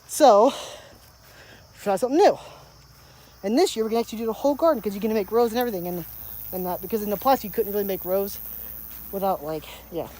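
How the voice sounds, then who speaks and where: A woman's voice: mid-range voice, fast, long pauses, dark tone. A young woman walking and talking through her garden for her daily vlog, rambling and chatty with lots of "like". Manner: rambling, chatty, frequent "like" fillers. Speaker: daily vlogger. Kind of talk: casual walk-and-talk vlog. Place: outdoors in a garden. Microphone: handheld camera while walking.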